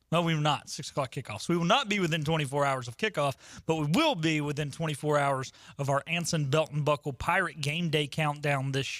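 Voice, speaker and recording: A man's voice: a little high, fairly bright tone, no room sound, studio quality. Chatty young male sports radio host. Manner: chatty, with frequent ums and uhs. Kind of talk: casual sports talk radio.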